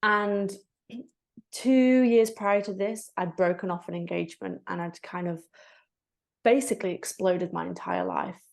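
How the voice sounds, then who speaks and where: A gravelly, low-leaning female voice at a measured pace tells a personal story in a podcast interview. The speaker, a breathwork facilitator, is candid and reflective and brings quoted moments to life with animated asides.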